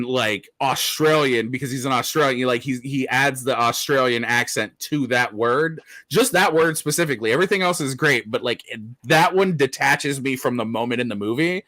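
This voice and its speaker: A man chatting loosely on a podcast, wandering through his thoughts with plenty of "like" and "um" and the odd curse. His voice sits at a middle pitch and is recorded close and dry. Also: bright, forceful tone, no room sound. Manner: rambling, swears, many fillers and restarts. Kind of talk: casual chat.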